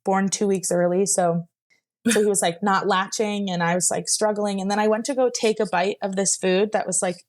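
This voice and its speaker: Young woman telling her story, rambly, says like a lot, mid pitch voice. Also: steady tone, normal speed, darkish tone. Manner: rambling, heavy use of "like", laughs while telling. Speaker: guest sharing her story. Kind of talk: casual personal storytelling.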